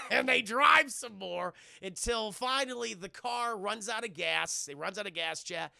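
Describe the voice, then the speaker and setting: A man's voice: high voice, huge pitch swings, unhurried, vocal fry, bright, forceful tone, dry recording, clean studio sound. A man recapping a film scene by scene to his live chat, rambling, profane and mocking. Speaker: streamer reviewing a film.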